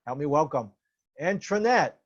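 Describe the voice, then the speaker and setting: A man hosting an online club meeting, introducing the next speaker in a friendly, measured way. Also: fairly high pitch, expressive, muffled recording. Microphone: video call.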